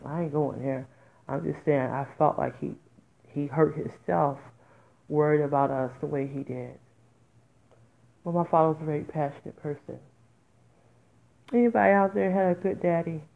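A podcast host with a low, gravelly voice gives an emotional personal monologue, talking from the heart in a casual, conversational style. She is raw and candid, with sudden loud, emphatic outbursts, and the audio is thin and tinny like a phone line.

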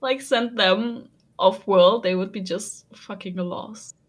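A woman's voice: mid-range voice, fairly even intonation, takes it slowly. A woman co-hosting a podcast, chatting casually and laughing along with the others. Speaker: podcast co-host. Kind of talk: casual rewatch chat.

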